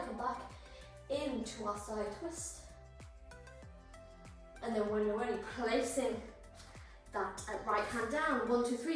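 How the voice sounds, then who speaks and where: Woman yoga teacher, high voice, a bit breathless, encouraging cues; heard far off in a very echoey room over music. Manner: encouraging, cueing breath and poses. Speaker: yoga instructor. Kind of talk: guided yoga flow instruction.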